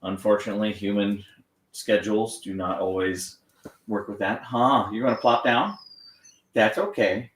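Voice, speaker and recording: A man training a dog on camera, gently encouraging it and explaining each step. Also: lowish voice, normal speed, far from the mic. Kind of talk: live training demonstration with explanation. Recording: echoey room, off-mic, faint noise.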